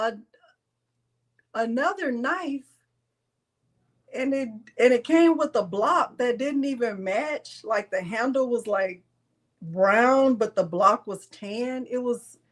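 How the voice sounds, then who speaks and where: A woman's voice: fairly high pitch, lively intonation, slow pace, pauses often. A woman hosting a live crafting tutorial, chatting casually and teasing with frequent laughter. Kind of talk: casual live-stream chat.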